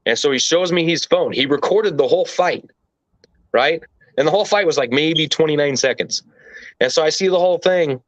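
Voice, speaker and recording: A man's voice: a little high, normal speed, no room sound. A man being interviewed, telling a story casually and animatedly, with plenty of swearing and rambling asides. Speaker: interview guest. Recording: dull lo-fi dry recording.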